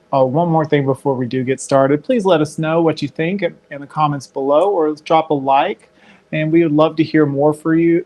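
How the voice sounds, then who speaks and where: A young man leading a home yoga class as instructor, giving calm, slow breathing cues. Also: fairly high pitch.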